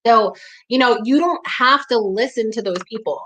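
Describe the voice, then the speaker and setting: Bright-voiced outspoken New York woman. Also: a little high, moderate pace, low-quality recording. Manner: blunt and emphatic, heavy use of "like", swears when riled. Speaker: community talk host. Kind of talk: candid monologue to camera.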